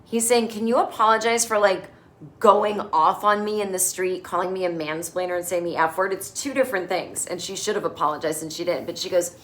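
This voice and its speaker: A middle-aged woman hosting a casual comedic recap, sarcastic and animated, quick to mimic characters in exaggerated voices. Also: on the low side. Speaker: podcast host recapping a TV episode.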